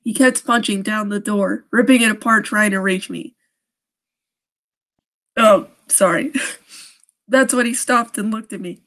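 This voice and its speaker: A woman's voice: medium pitch, unhurried, pauses often, a bit bright. A young woman reading a creepy story on a live stream, often breaking off to laugh and make sarcastic jokes about the writing.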